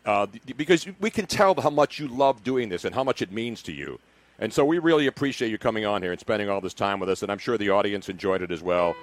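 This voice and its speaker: A man hosting a sports radio show, thanking his guest warmly and chatting casually. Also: fairly low pitch, lively intonation, quick pace, no room sound. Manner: effusive and grateful.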